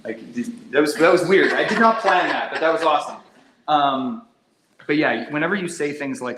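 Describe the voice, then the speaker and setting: Energetic male sales trainer in echoey room. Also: medium pitch, brisk. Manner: energetic, demonstrates phone scripts with exaggerated tone. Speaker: real estate sales trainer. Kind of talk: casual team training session. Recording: echoey room, faint background hum.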